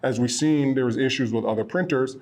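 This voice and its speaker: A man who owns a printing supply business, chatting casually and a bit ramblingly as he pitches products from his small shop. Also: fairly quick, darkish tone. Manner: rambling, self-correcting, earnest. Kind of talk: casual promotional chat. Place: their small shop location.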